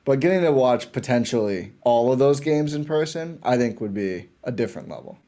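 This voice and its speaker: A man guesting on a sports podcast, talking like an excited fan and often restarting his sentences. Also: mid-range voice, brisk. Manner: enthusiastic fan, rambling with restarts. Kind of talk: casual sports chat.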